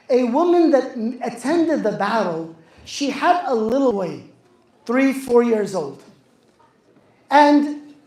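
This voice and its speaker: A man's voice: extremely high pitch, a little mellow. A man telling a religious story to young people, speaking with passion, repeating phrases and asking the audience questions. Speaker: youth speaker. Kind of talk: religious talk to a youth audience. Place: youth center hall. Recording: echoey hall.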